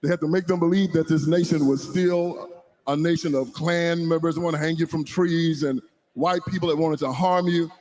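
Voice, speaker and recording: A man on a political panel, speaking forcefully with rising emphasis. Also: on the high side, fairly even intonation, normal speed. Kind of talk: heated political panel talk.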